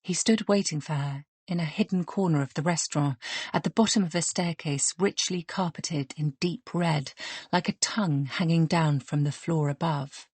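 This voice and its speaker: A woman narrating an audiobook in a steady, even reading voice. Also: low-pitched, moderate pace, husky, no echo.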